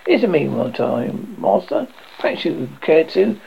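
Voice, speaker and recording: A man's voice: on the high side, big pitch swings, moderate pace, gravelly, muffled recording, a little hiss or hum, exaggerated voice. A man voicing a nervous, fussy male bursar who answers in hesitant, placating tones.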